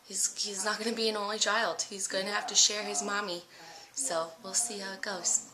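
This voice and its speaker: A young woman vlogging casually on a handheld camera, cooing to her dog in high baby talk. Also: little pitch movement, normal speed, crowd noise. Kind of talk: casual vlog narration.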